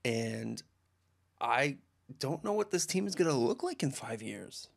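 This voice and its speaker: Gravelly-voiced man, easygoing. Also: medium pitch, big pitch swings, measured pace. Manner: easygoing, agreeable, trails off mid-thought. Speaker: podcast co-host. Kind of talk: casual hockey chat.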